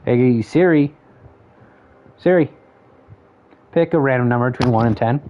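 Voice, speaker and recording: A man's voice: mid-range voice, unhurried, a little hiss or hum. Rambling male streamer, lo-fi audio. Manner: rambling, thinking aloud, counting options under his breath. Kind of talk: casual gameplay commentary.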